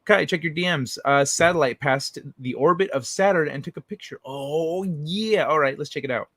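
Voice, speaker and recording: A man's voice: on the high side, normal speed, fairly bright tone, no room sound. A young adult man hosting a late-night livestream, chatting casually and reading viewer messages, loose and profane, rambling with many restarts. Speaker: livestream host.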